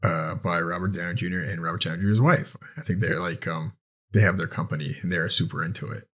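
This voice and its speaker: A man's voice: deep voice, fast, fairly bright tone, slightly rough. A young man co-hosting a podcast, chatting loosely and swearing while enthusiastically recommending shows. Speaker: podcast co-host. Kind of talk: casual chat.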